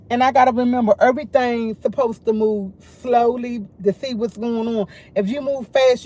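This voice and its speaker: A woman's voice: on the high side, mellow. A woman hosting a casual morning livestream, chatting and rambling directly to her viewers. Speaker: livestream host.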